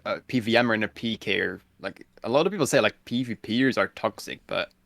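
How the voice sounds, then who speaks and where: A man's voice: on the low side, fairly bright tone, dry recording. A man chatting casually on a podcast, laid-back and blunt, with many "like" fillers. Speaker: guest streamer.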